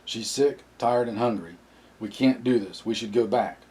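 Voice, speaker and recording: A man's voice: mid-range voice, moderate pace, a little mellow, natural voice. A man voicing a whiny, miserable mother. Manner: complaining, self-pitying. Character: miserable, whining mother on the run.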